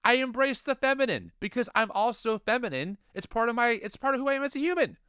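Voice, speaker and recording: A man in his thirties co-hosting a casual commentary podcast, animated and incredulous, often restarting his sentences. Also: extremely high pitch, fast talker, clean tone, dry recording, clean studio sound. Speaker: podcast co-host.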